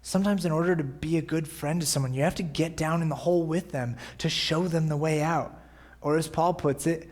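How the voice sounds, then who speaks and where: A man's voice: on the high side, brisk. Conversational man preaching a sermon. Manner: conversational, often asking "right?". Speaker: pastor. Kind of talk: sermon podcast.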